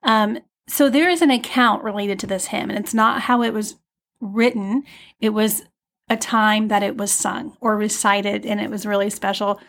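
A woman of middle pitch hosts a devotional podcast in a soft, unhurried way. She talks off the cuff with small restarts and fillers, and reads old verses slowly and tenderly. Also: steady tone, vocal fry. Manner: gentle, unscripted, with fillers and restarts; slow, tender reading of hymn verses. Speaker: podcast host. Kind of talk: devotional podcast talk and hymn reading.

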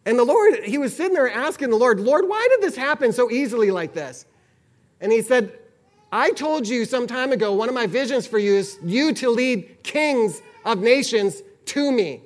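A man's voice: extremely high pitch, normal speed. A man preaching, telling a long story and acting out the lines of the people in it. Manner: animated, acts out quoted dialogue. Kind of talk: sermon storytelling.

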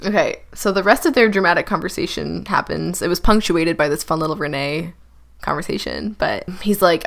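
A young woman with a somewhat low voice, co-hosting a laid-back podcast. She retells scenes with dry, sardonic commentary and briefly acts out quoted lines. Her talk is conversational and unpolished. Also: animated, fairly quick, gravelly. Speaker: podcast co-host. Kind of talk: casual book discussion chat.

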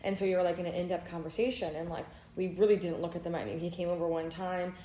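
Animated young woman telling a story, roomy echo. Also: lowish voice, fast talker, a little hiss or hum. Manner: lively storytelling, acting out quotes. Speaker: podcast co-host. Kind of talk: casual chat.

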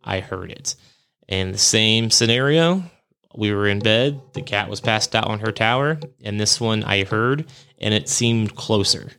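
A man's voice: lowish voice, a little slow, pushed and bright, clear, resonant tone. Rambling man telling a spooky pet story. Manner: rambling, self-correcting, chuckles at himself. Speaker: podcast host. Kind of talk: casual storytelling monologue.

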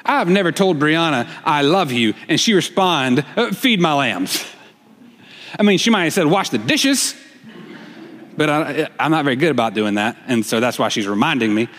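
A man preaching a sermon, retelling a story and voicing the dialogue in a shifting, expressive way. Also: on the high side, moderate pace. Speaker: pastor. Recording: long reverb of a church hall.

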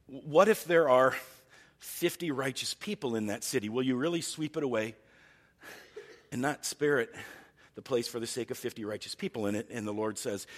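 A man's voice: medium pitch, moderate pace, a bit bright, long reverb tail. A man preaching a sermon as pastor, earnest and thinking aloud, often restarting his sentences.

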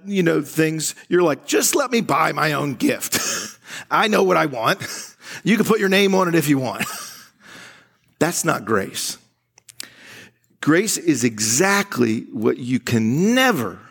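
A man preaching at a church service, talking slowly and casually. His voice sits a bit high and has a gravelly edge. He often stumbles over his opening words and starts his sentences again. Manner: conversational, laughing often, acting out quoted voices; frequent restarts and stammered starts. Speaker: pastor. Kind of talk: sermon.

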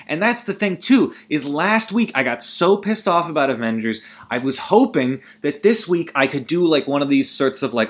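A man hosting a solo comedy podcast, rambling and self-deprecating, weary and feeling low, swinging between loud outbursts and mumbling. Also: expressive, moderate pace, hardly any pauses. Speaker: podcast host.

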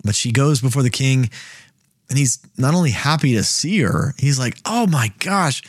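A man's voice: medium pitch, normal speed, no room sound, clean studio sound. Man hosting a casual Bible study. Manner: conversational, thinks aloud with repeated words.

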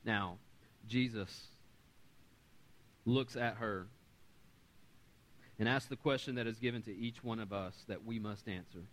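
A man in his thirties preaching a sermon, animated, swinging between loud and quiet and acting out the voices he quotes. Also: lowish voice, measured pace, long pauses. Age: 30s. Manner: acts out quoted voices in conversational storytelling. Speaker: pastor.

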